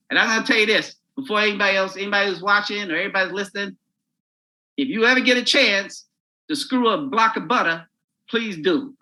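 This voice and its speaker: A man, a comedian, telling a crude, animated story while chatting as a podcast guest. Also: on the high side, low-quality recording.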